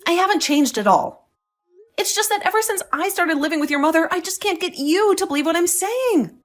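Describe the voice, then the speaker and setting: A woman's voice: extremely high pitch, lively intonation, a little fast. A woman voicing a young wife who defends herself, defiant and sarcastic toward her husband, in a voiced drama story. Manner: indignant, sarcastic.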